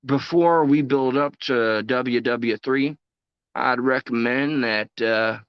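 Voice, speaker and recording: A man's voice: mid-range voice, slow pace, clean tone, no echo. Joking, foul-mouthed male streamer. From United States. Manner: loose, joking, self-mocking, swears freely. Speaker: live streamer. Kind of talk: rambling casual chat on a live stream. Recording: dull, dry home stream audio.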